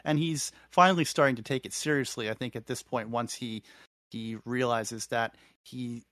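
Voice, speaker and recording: A man co-hosting a podcast, recapping a show in a thoughtful, halting way with many restarts. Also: mid-range voice, fairly even intonation, a bit bright, no room sound. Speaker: podcast co-host. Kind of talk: casual recap chat.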